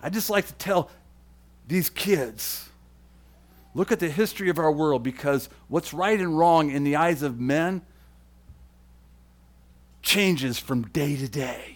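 A man preaching a sermon to the camera, with emphatic, repeated phrases that swing between loud declarations and hushed, low lines. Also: animated, slow, pauses often. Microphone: camera mic.

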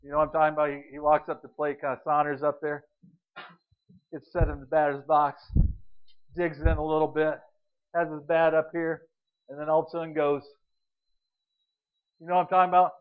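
Male pastor, high voice, animated storytelling sermon, dull lo-fi sound. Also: fairly quick, long pauses, smooth. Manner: animated, storytelling, acts out scenes and quotes. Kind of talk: Easter sermon.

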